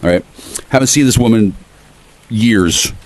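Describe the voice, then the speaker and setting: A man ranting on his porch in a rambling, profane monologue that veers between loud outbursts and quiet muttering. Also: on the low side, measured pace. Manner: profane, erratic, shifts between ranting and murmuring. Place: outdoors on a porch.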